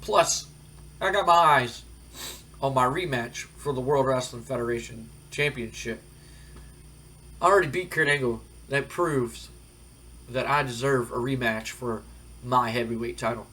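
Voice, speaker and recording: A man's voice: mid-range voice, a little slow, long pauses, bright, forceful tone. Man putting on a smug veteran wrestler. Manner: smug, dismissive. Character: arrogant veteran male wrestler, self-proclaimed best.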